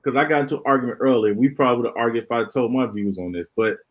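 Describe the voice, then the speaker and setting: A man's voice: medium pitch, very fast. A man and podcast host stepping in to mediate a heated live-stream debate, rambling with many fillers.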